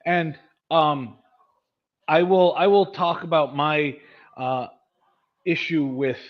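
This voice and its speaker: Man, 30s, casual chat host, rambling, animated, higher voice, lo-fi audio. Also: slow. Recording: dull lo-fi sound.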